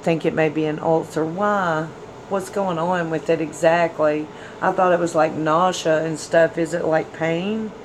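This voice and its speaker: A woman's voice: sits low, fairly even intonation, a little slow, slight background noise, rough recording. A woman hosting a tarot livestream, chatting casually with viewers and reading their comments. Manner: chatty, folksy, addresses viewers as y'all and hon.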